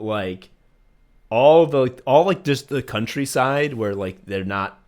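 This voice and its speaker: Male podcast co-host, casual, rambling, profane, joking storyteller. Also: deep voice. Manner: rambling, profane, jokey storytelling with many fillers. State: recovering from a virus. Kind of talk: casual chat.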